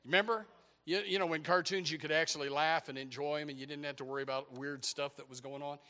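A man's voice: fairly high pitch, fairly even intonation, quick pace, sharp tone, big-room sound. A man preaching a folksy sermon, exclaiming praise and often stammering into restarts.

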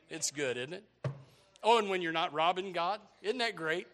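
An older man preaching a sermon, animated and joking, with bursts of shouting. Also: sits high, normal speed. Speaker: pastor.

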